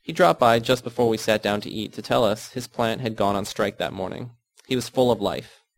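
Male audiobook narrator, lowish voice, measured first-person storytelling. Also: gravelly, no room sound. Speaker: audiobook reader.

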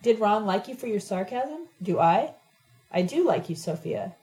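A sharp-tongued young woman, as read by a woman narrator, mocking and cryptic in how she speaks. The voice is mellow and soft-edged. It is an audiobook character reading. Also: medium pitch, lively intonation, moderate pace, close to an everyday voice, poor audio.

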